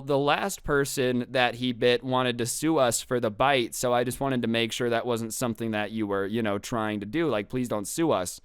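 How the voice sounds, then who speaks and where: A young man tells a personal story in a relaxed, rambling way, with quick asides and acted-out quotes. His voice is smooth and clean, mid-pitched, and recorded close up with no room sound. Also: no echo. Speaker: storytime YouTuber. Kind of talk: casual storytelling monologue.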